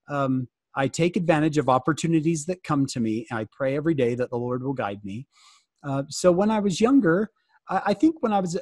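Speaking at medium pitch in a dry, studio-quality recording, a man gives a fireside talk to young people over a video call. As a guest speaker fielding their questions, he is casual, animated, and joking, and he frequently poses questions to his audience.

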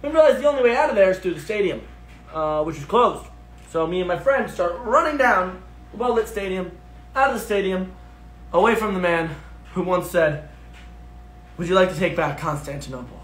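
A man hosting a livestream, chatting casually, playing songs and telling animated, self-deprecating stories. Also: high voice, moderate pace, roomy sound. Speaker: livestream host.

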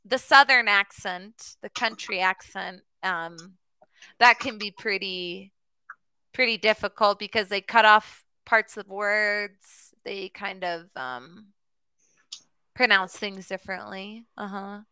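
A woman's voice: medium pitch, slow, pushed and bright, clean tone, dry recording. A woman from the United States tutoring English in a casual conversation class, chatty and friendly, with lots of fillers.

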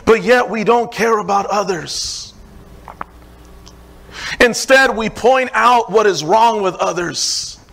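A man's voice: high voice, pushed and bright. A middle-aged man preaching a sermon as pastor, with an emphatic, repetitive cadence and casual asides.

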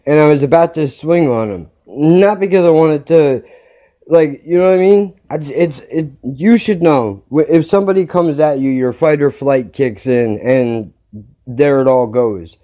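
A man's voice: a little high, moderate pace, dark tone, lo-fi sound. A man hosting his own podcast, telling a story in a heated rant and swearing constantly. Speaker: podcast host.

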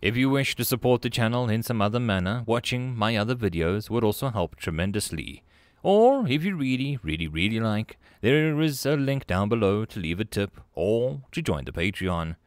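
Male audiobook narrator: expressive, lively pitch, dry booth sound. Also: moderate pace, dry recording. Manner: expressive storytelling.

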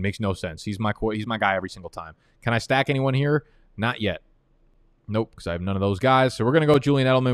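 A man hosting a live fantasy football mock draft, talking fast and excitably and breaking into frustrated, profane rants. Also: lowish voice, no room sound. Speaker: fantasy football analyst host.

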